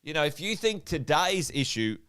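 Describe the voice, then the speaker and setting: Upbeat Australian man, smooth higher voice. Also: normal speed. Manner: energetic, repeats himself, asks viewers questions. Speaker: property investment coach. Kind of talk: whiteboard livestream talk.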